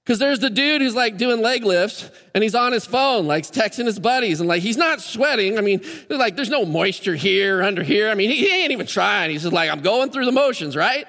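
American male pastor, animated casual preaching, slightly high pitch, echoing sanctuary. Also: a little fast, few pauses. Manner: energetic, conversational, rising higher when excited. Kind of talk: sermon. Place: church sanctuary.

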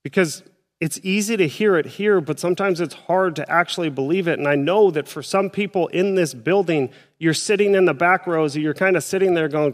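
A man's voice: a little high, fairly quick, in a large hall. A male pastor preaching a sermon in a church, speaking in a conversational way and acting out his listeners' doubts. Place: church auditorium.

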